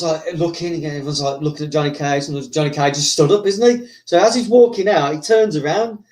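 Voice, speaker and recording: A man's voice: fairly high pitch, a little fast, darkish tone. Man rambling through a story. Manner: rambling, full of fillers, acts out characters. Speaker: host. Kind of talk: casual storytelling.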